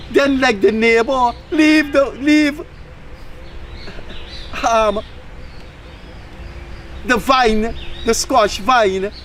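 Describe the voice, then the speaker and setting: A man's voice: high-pitched, fairly bright tone, slight background noise. A man with a Guyanese accent hosting a casual political talk show, talking bluntly and scolding, acting out the voices he quotes. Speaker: host.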